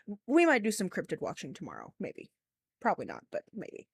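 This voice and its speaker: A woman's voice: medium pitch, huge pitch swings, brisk, vocal fry, breathy edge, no echo, clean studio sound. A young woman streaming, chatting casually and ranting bluntly with lots of swearing and giggles. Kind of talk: casual live-stream commentary.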